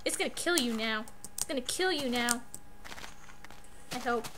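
A woman co-hosting a gameplay commentary, excitable, yelling and swearing at the game. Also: a little high, normal speed. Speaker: let's play co-host. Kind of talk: gaming commentary. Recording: loud background hiss.

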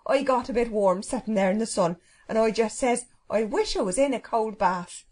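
A woman's voice: a little high, expressive, normal speed, darkish tone. A woman doing a chirpy, homely cook. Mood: happy. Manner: homely, chatty. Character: cheerful, chatty woman cook. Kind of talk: storybook reading.

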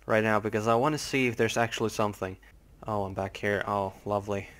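A man's voice: on the low side, level tone, fast talker, a bit bright. Jumpy young man commenting on a game. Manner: jumpy, swears a lot, nervous laughter. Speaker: gaming channel host. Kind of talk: let's play commentary.

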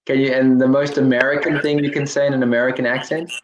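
A man hosting an interview, asking brief quick-fire questions. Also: mid-range voice, level tone, roomy sound, highs cut off, background noise. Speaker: interview host.

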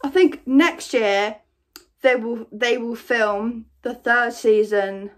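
A woman's voice: fairly high pitch, takes it slowly. A woman reacting in a vlog, gushing and tripping over her words. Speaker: vlogger.

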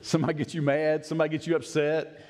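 Animated male pastor in a reverberant sanctuary. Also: fast. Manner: animated, swings from high excited bursts to low quiet emphasis; folksy, laughs often, acts out his own past words. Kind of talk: sermon. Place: church sanctuary. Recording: long reverb of a church sanctuary.

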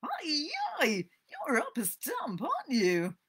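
A brash, cocky boy from a storybook, teasing and bellowing orders in a high, bouncy voice, put on by a woman reading aloud. His pitch leaps around as he mocks and shouts, with a slightly distant sound on the louder calls. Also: sing-song, measured pace, full character voice. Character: cocky boy playing a steamboat.

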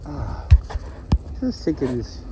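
A man's voice: on the high side, big pitch swings, slow pace, noisy background. A man ranting to himself in a rambling solo vlog, swearing often and complaining. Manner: profane, complaining, talks to himself. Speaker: vlogger.

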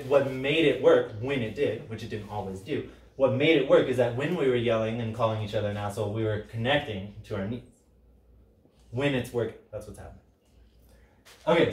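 Slight background noise sits under this mid-range male voice as a Sicilian-background facilitator talks through his workshop. He keeps it casual but lively, belting out quoted lines and peppering his speech with "right?", all captured in a roomy, far-off recording.

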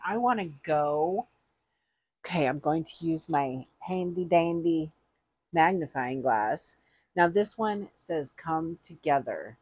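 A woman's voice: sits low, no echo. A middle-aged woman chatting casually to camera in an unboxing vlog, rambling and gushing. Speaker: vlogger.

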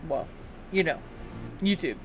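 A young man giving live gameplay commentary as a gaming YouTuber, excitable and taunting, often bursting into yells at other players. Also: on the high side, measured pace, soft background music.

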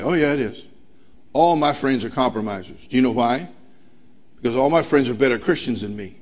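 A middle-aged man preaching a sermon as pastor, emphatic and humorous, swinging between loud pushes and quiet asides. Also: medium pitch, expressive, fairly quick. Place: church sanctuary.

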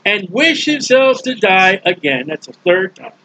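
A man preaching in a casual Bible teaching style, folksy and joking, acting out characters in quick asides. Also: sits high, sing-song, bright, forceful tone, poor audio.

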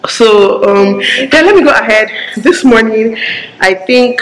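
A woman's voice: fairly high pitch, expressive. A woman with a Nigerian accent chatting casually to her viewers in a home vlog, talkative and joking. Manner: chatty, joking, talks fast and a lot. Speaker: mom vlogger. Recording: echoey room with faint background noise.

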